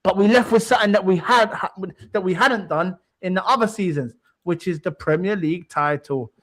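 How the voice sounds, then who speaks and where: A man's voice: sits high, fairly quick, fairly bright tone. A man, a podcast co-host taunting a rival fan in heated football banter, repeating his points.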